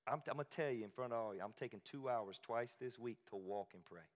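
A man's voice: mid-range voice, fast talker. Emphatic man preaching in a reverberant hall. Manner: conversational, emphatic, with asides and repetitions. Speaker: pastor. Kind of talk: sermon.

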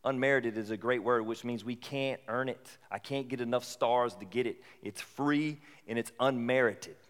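A man delivering a sermon as if talking with friends, casual and direct, now and then climbing into lively, emphatic stretches. His voice sits at an ordinary pitch. The sound carries a long hall reverb. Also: moderate pace. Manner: conversational, rising to animated bursts. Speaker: pastor.

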